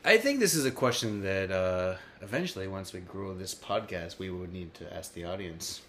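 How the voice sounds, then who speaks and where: A man's voice: lively intonation, normal speed, fairly bright tone, a little hiss or hum. A man from the United States hosting a casual podcast, playfully quizzing his co-host. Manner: playful quizzing, jumpy pitch.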